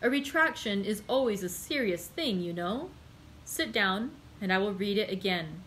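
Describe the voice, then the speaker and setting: A woman's voice: mid-range voice, lively intonation, moderate pace, a bit bright, slight background noise, close to an everyday voice, poor audio. A woman reading the part of a friendly male journalist who speaks mildly and courteously in a storybook reading. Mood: calm. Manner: mild, courteous, reasoning.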